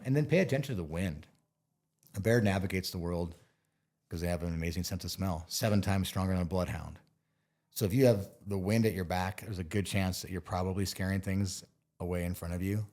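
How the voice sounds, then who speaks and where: Deep-voiced man explaining bear safety calmly. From Montana. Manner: relaxed, explains with playful acted-out asides. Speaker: bear expert guest. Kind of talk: casual interview talk.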